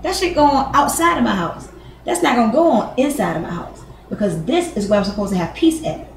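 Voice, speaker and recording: A woman's voice: on the high side, animated, fairly quick. A woman speaks, giving her niece frank advice. She is blunt and swears freely, acting out both sides of arguments. Her voice rings in an echoey room over a faint background hum. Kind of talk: casual advice talk.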